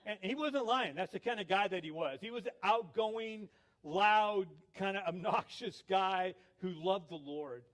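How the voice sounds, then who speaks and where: Older guy preaching, high-pitched voice, chatty storyteller. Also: measured pace, a bit bright. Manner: storytelling with laughs, acted quotes. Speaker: pastor. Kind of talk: sermon.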